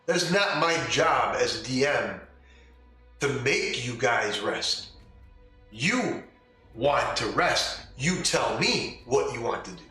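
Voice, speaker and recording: Slow and expressive, with a mid-range voice that sounds pushed and bright, a dungeon-master podcast host riffs bluntly in a casual opinion monologue, throwing out emphatic rhetorical questions. The mic is distant, the room very echoey, and faint music sits underneath.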